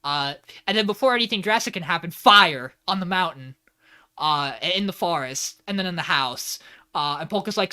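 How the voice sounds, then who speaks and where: A man hosting a podcast, casually recapping anime episodes in an animated, rambling way, swearing freely. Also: sits high, normal speed, clear, resonant tone. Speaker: podcast host.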